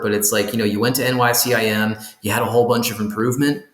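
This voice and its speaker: Male doctor guest, low voice, halting restarts, roomy echo. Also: level tone, a bit bright. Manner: thoughtful, many restarts and repeated words. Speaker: physician guest. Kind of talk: casual conversation.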